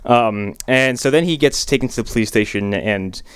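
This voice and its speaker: Man, podcast co-host, casual film chat, mid pitch, swearing, laughing a lot. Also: moderate pace, smooth, dry recording, clean studio sound. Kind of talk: casual movie review chat.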